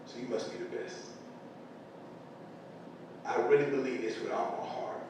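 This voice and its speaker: A middle-aged man gives an earnest, emotional motivational speech to school staff. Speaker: parent speaking to school staff. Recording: echoey large room from far off, faint rumble.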